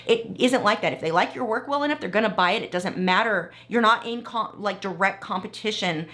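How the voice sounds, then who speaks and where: A woman artist talking to camera in a casual vlog, chatty and animated, full of asides and restarts. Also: medium pitch, fairly quick. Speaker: artist vlogger.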